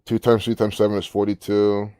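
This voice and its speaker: A man's voice: fairly low pitch, completely flat delivery, brisk, mellow, smooth, no room sound, clean studio sound. A man hosting a casual commentary, rambling and musing aloud with frequent restarts. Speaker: gematria channel host.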